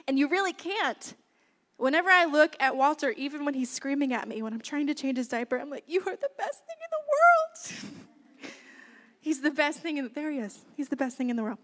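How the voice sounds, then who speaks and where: A young woman preaching a sermon, earnest and lively. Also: high voice. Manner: earnest, lively, warm-hearted with laughs. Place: church hall. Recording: long hall reverb.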